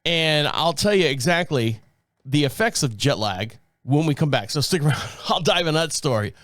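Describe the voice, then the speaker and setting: A man's voice: fairly high pitch, moderate pace, dry recording, studio quality. A man hosting a podcast, telling a casual story with lots of swearing and laughter. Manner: animated, profane, laughs often. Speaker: podcast host.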